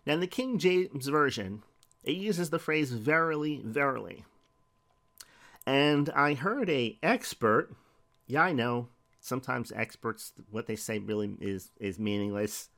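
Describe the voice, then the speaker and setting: A man's voice: medium pitch, lively intonation, measured pace, fairly bright tone. A middle-aged man preaching a sermon in a conversational way, asking rhetorical questions and reading scripture aloud.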